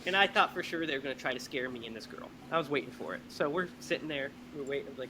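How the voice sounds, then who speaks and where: A man hosting a podcast, telling stories in a lively, animated way. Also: mid-range voice, quick pace, background noise. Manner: animated storyteller, laughs often. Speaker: podcast host. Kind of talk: casual chat.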